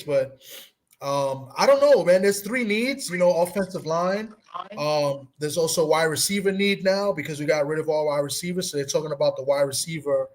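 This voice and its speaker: A man from Puerto Rico talking football on a casual sports stream, rambling and thinking aloud with many fillers. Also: on the high side. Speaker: guest fan analyst.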